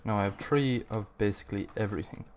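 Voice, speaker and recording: A man's voice: on the low side, quick pace, a little mellow, a little hiss or hum. A man giving let's play commentary, swearing constantly and venting frustrated outbursts at the game. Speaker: gamer.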